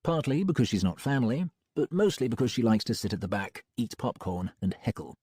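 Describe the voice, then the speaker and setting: A man reading an audiobook in a lively, wry first-person voice that swings widely in pitch. His tone is low, mellow and husky. The recording is dry and close. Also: brisk, dry recording. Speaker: audiobook narrator. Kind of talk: scripted narration.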